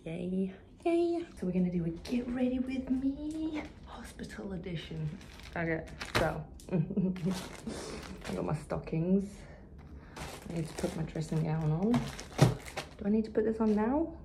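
A woman vlogging to her phone camera in a hospital room, talking expressively and often dropping to a hushed whisper. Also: medium pitch, measured pace, pauses often, heavy background noise. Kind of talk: casual vlog talk to camera. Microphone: phone camera propped nearby.

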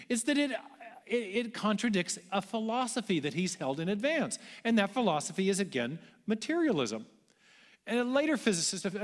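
A man's voice: sits high, long reverb tail. A man giving a public lecture, explaining step by step in an earnest way.

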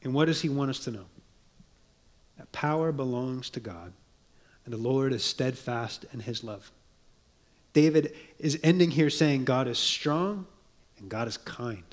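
A man preaching a sermon, earnest and measured, dropping to soft low tones to press a point and reading quotations aloud. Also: lively intonation. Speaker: pastor.

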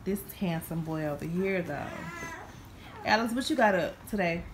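A woman's voice: lowish voice, expressive, moderate pace. Sing-song mother cooing at her kids. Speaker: mother filming her children. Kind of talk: casual home vlog, baby talk to her kids. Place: at home, indoors. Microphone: phone camera held by the speaker. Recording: noisy home phone recording.

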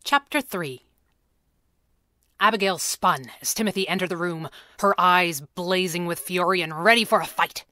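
Bright-voiced woman reading a children's story. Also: fairly low pitch, normal speed, dry recording, clean studio sound. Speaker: audiobook reader. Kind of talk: scripted storybook narration.

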